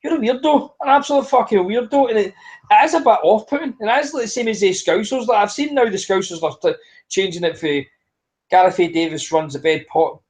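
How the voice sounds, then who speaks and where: A man with a high voice rants through a casual podcast chat. He is blunt, swears constantly and builds himself into a fury as he goes. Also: lively intonation, brisk, low-quality recording. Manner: ranting, blunt, heavy swearing. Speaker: podcast co-host.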